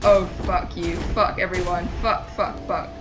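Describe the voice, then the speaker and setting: A woman's voice: on the low side, fairly even intonation, measured pace, music in the background, rough recording. A woman streaming a game, talking to herself and her chat in frustrated, swearing casual commentary. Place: home streaming setup.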